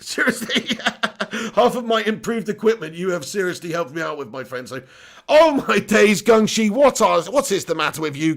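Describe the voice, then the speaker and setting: Excitable man hosting a live stream. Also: sits high, gravelly. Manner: excitable, laughing, swearing banter. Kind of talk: live stream chat, reading viewer messages.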